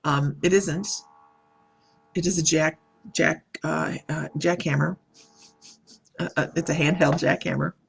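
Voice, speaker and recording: Gravelly-voiced woman giving a psychic reading. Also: low-pitched, steady tone. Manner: halting, meandering, reads out viewer comments and greets viewers by name. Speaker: psychic medium. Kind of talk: live-streamed psychic reading.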